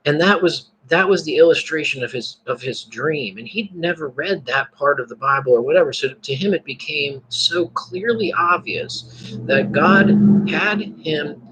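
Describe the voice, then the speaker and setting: A man with a fairly high, bright voice and a husky edge talks about faith in a loose, candid way. He is animated, swears freely and laughs often. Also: unhurried, poor audio. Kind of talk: casual talk about faith.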